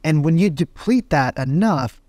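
Animated storytelling man, dry sound. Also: on the high side, unhurried, dry recording. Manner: animated, acts out dialogue in changing voices. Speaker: real estate agent and coach. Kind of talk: motivational storytelling talk.

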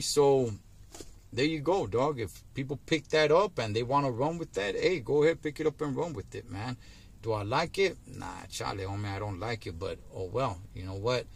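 Here a middle-aged man who vlogs from his truck speaks his mind to camera, loose and easygoing. His voice is medium in pitch with a fairly bright tone, and "man," "dog" and "homie" keep popping up in his slang.

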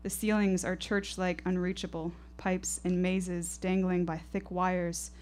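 Low-voiced woman performing intense poetic storytelling. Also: level tone, measured pace, darkish tone. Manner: intense, poetic, rhythmic delivery. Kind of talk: live first-person storytelling performance. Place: live showcase stage.

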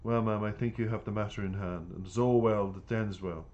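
A man voicing a kindly male police officer who gives calm, fatherly advice in a storybook reading. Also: fairly low pitch, brisk, lo-fi sound, close to an everyday voice. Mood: advising.

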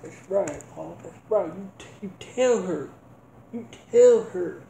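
A man's voice: high voice, animated, slow pace, vocal fry, dark tone, slight background noise, heavily acted. A man as a mumbling laid-back son. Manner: mumbling, stammering. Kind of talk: comedic sketch acting. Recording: roomy echo.

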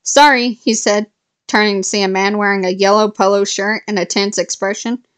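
A woman's voice: mid-range voice, level tone, a little fast. Woman casually reading a novel aloud. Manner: unpolished reading with restarts and self-corrections. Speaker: reader of a novel. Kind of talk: casual read-aloud storytelling.

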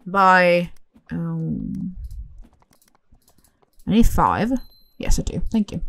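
A young woman giving casual, excitable commentary as she plays a horse game, talking to herself and the horses with gasps and squeals. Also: lowish voice, very slow, gravelly. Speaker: gaming channel host.

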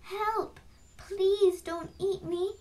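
Woman playing a shouting young brother goat. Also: very high-pitched, slow pace, distant mic, voice pushed up. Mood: pleading. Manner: shouting, excited cries. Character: young male billy goat, excitable and scared.

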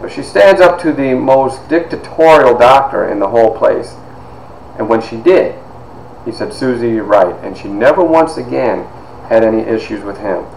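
Animated storytelling man in an echoey room. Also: mid-range voice, normal speed, gravelly. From Toledo, Ohio. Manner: animated, conversational, with frequent asides. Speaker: author and speaker. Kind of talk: personal storytelling talk. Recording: echoey room with faint noise.

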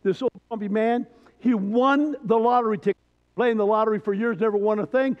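An older man, a pastor, preaching a sermon in a homespun storytelling way, pausing often, recorded in a church. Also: high voice. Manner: folksy storytelling, frequent hesitations. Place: church sanctuary. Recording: dull church recording with long reverb.

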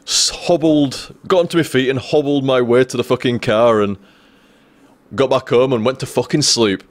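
A man's voice: medium pitch, moderate pace, dry recording. A young man telling a long, rambling story to his live stream viewers, swearing freely and restarting his sentences. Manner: rambling, profane, restarts often.

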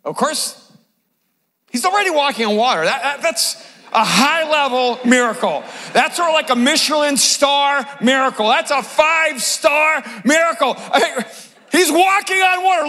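A middle-aged man preaching from a stage in a large conference hall, his voice notably high and bright. He tells the story with humor and bursts into shouted lines. A long hall reverb trails each phrase. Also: animated, normal speed. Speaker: pastor. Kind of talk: sermon.

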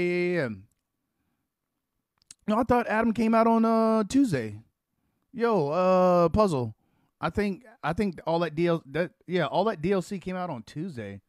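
A young man streaming a role-play game, chatting casually and taunting loudly when worked up. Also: on the high side, dry recording, studio quality. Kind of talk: casual live commentary while gaming.

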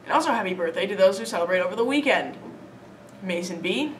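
A woman reads school announcements in a steady, scripted cadence. Her voice sits in a middle pitch and comes from a distance from the microphone, with a faint hiss beneath. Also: fast talker. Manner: steady, read-aloud delivery. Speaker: announcements anchor. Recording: distant mic with faint noise.

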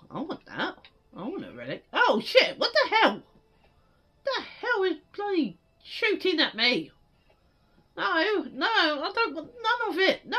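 A woman giving frantic let's play commentary, yelling and pleading at the game. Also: very high voice. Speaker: gaming streamer.

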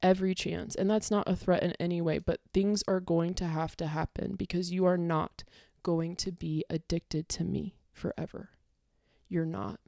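A woman's voice: fairly low pitch, fairly even intonation, normal speed, gravelly, dark tone, dry recording, studio quality. A young woman ranting angrily to camera, swearing and confronting an online critic. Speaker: content creator.

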